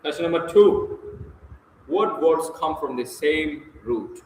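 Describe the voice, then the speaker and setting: A man's voice: fairly high pitch, animated, slow pace, darkish tone, a little hiss or hum. A man reading and answering textbook exercises aloud, casual and correcting himself as he goes. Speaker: self-study reader. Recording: echoey room with faint ambience.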